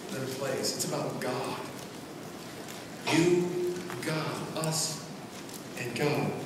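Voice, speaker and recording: A man preaching a sermon as pastor, swinging between loud proclamations and quiet asides. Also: mid-range voice. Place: large church sanctuary. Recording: echoey church hall from far off, noisy.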